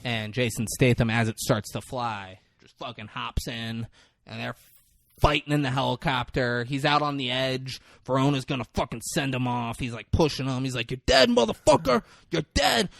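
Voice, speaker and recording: A man hosting a podcast, recapping a movie in a casual, animated, profane way and laughing often. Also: mid-range voice, moderate pace, vocal fry, no room sound, studio quality. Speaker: podcast host.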